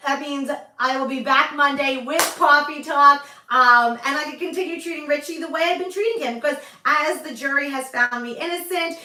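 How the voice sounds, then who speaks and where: A woman's voice: high voice, bright, forceful tone, distant mic. A woman hosting a comedy talk show sketch, gushing in a mock-emotional, self-absorbed way. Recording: echoey room away from the mic.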